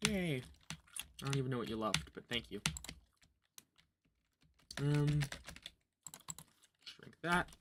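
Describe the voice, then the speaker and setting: A man's voice: mid-range voice, animated, slow, long pauses, noisy background. A man casually commenting on his gameplay during a livestream, joking and sarcastic, muttering to himself and chewing gum as he plays. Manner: joking, sarcastic, talks to himself while playing. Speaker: gaming livestreamer.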